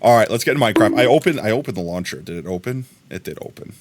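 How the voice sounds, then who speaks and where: A man's voice: fairly low pitch, lively intonation, rapid-fire, very noisy. A man chatting casually on a live stream, rambling from topic to topic and laughing often.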